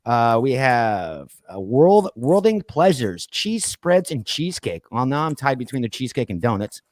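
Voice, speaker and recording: A man's voice: mid-range voice, sing-song, moderate pace, no echo, clean studio sound. A man hosting a casual pop culture podcast, chatting loosely and reading off lists with plenty of fillers. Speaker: podcast host. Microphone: streamed call mic.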